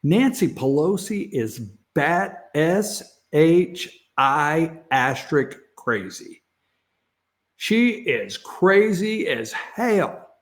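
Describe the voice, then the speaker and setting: A sarcastic man with a slightly higher-pitched voice hosts a morning opinion show. He talks straight into the studio camera and laughs at his own remarks. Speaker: talk show host. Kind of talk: opinion talk show monologue.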